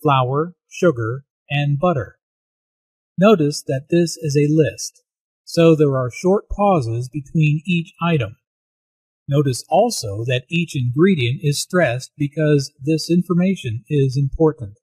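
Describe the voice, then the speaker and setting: A man narrating language notes in an English lesson in a calm, explanatory manner. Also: fairly high pitch, unhurried, husky, dry recording, low-quality recording. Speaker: English teacher.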